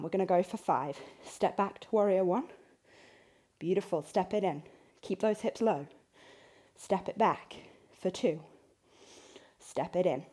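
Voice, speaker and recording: A female yoga instructor with a low, mellow voice guides a class, calling out poses, breaths and counts. She's encouraging, counts reps aloud, and sometimes sounds out of breath.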